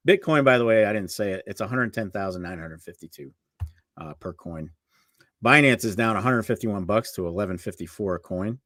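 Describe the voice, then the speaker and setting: On a laid-back livestream, this co-host reads out market prices rapidly and chats freely with his partner. His voice sits on the low side with a slight brightness, recorded cleanly in the studio without echo.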